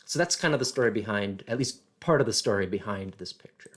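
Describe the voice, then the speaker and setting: A man presenting a casual history talk, halting and thinking aloud with many fillers. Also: on the low side, lively intonation.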